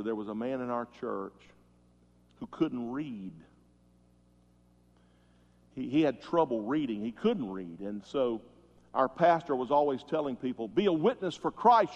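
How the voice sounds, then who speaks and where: A man's voice: mid-range voice, gravelly. Preaching man in a reverberant hall. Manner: storytelling preacher, swells loud then drops soft. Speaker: pastor. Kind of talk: sermon. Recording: muffled sound with long hall reverb.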